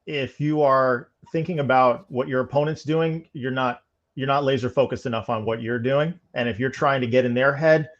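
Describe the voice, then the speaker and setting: A man's voice: mid-range voice, fairly even intonation, normal speed. A man from New York co-hosting a bowling podcast, giving thoughtful, analytical takes and often restarting phrases. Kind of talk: casual commentary. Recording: dull lo-fi audio.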